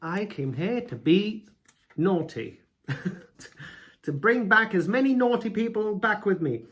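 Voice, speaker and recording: A man's voice: sits high, animated, takes it slowly, a bit bright, heavily acted. A man voicing an apostle as a sly, mischievous male figure with a teasing manner.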